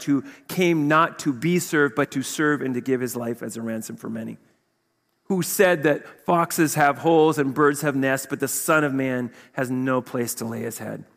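A male pastor giving a conversational sermon, full of rhetorical questions and quick asides. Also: medium pitch, gravelly, fairly bright tone. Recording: long hall reverb.

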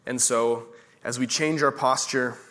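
A man preaching a sermon in a church, quoting verses slowly and asking the congregation questions. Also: mid-range voice, steady tone, a bit bright. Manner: preaching with audience questions, slow emphatic repeated verses. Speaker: pastor.

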